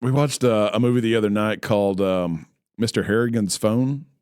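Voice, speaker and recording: A man's voice: lowish voice, moderate pace, a little mellow, smooth, dry recording, clean studio sound. A man in his late thirties co-hosting a podcast, rambling and opinionated in casual chat with jokes. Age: 30s. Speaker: podcast co-host.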